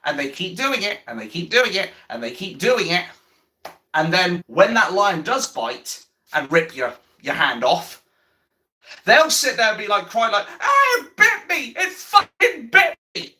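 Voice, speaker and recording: His voice sits high and sing-song, delivered at a measured pace with a pushed, bright quality. On a livestream he vents bluntly about politics, cursing a lot, going over the same points, and breaking off to answer chat.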